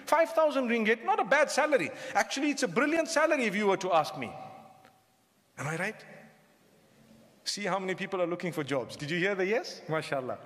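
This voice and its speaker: A man's voice: high voice, lively intonation, a little fast, fairly bright tone. A man preaching a humorous sermon to a crowd, often asking them questions. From southern Africa. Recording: long hall reverb.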